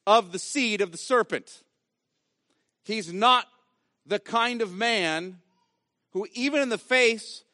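A man's voice: high voice, pushed and bright, no echo, clean studio sound. A man preaching a sermon as pastor, emphatic and repeating key phrases for weight.

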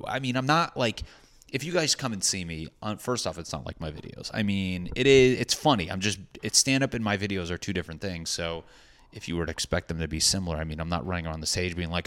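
A man's voice: low-pitched, lively intonation, brisk, a bit bright. A young man, a stand-up comedian, telling a rambling, profane, self-deprecating story in casual chat.

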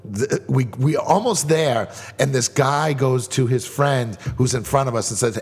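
A man's voice: mid-range voice, husky, big-room sound. A man telling a long rambling story in a casual chat, swearing often. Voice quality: fast, profane, rambling.

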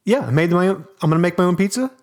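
A man co-hosting a podcast in casual chat, telling stories with enthusiasm and joking around. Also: sits high. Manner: animated storyteller, enthusiastic, jokey. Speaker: podcast co-host.

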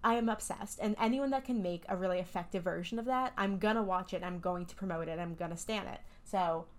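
A woman's voice: on the low side, a little fast. A woman co-hosting a podcast in casual chat, talking enthusiastically and candidly with some swearing. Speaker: podcast co-host.

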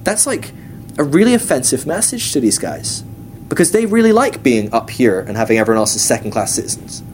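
A man's voice: mid-range voice, sing-song, brisk, slight background noise. A man giving a casual, chatty Bible class, acting out quotes in different voices. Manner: chatty, uses many fillers and acts out quotes. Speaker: teacher at a ministry school. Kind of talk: casual teaching talk.

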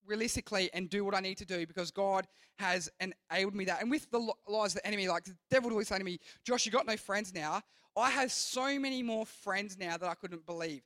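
A man's voice: high-pitched, fairly bright tone, no echo. A young man preaching to a youth group as their pastor, earnest and rambling, often restarting his sentences. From Australia. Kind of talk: youth sermon.

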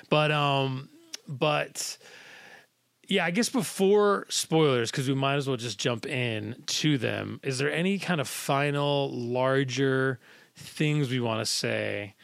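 A man's voice: medium pitch, slow, gravelly, a bit bright, dry recording. A man hosting a casual film podcast over a video call, rambling and cutting himself off, laughing easily. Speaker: podcast host. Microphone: video call recording.

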